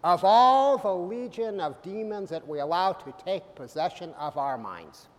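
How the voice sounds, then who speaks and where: A middle-aged man preaching a sermon, animated and humorous, swinging from loud bursts to soft, quiet lines. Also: sits high, measured pace. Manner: humorous asides. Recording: hall reverb.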